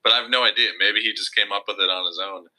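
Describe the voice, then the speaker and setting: Low voice but real bright and edgy, hedges a lot talking movies. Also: male voice, steady tone, quick pace, rough recording. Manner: chatty, hedging, lots of fillers like "you know". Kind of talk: casual film review chat.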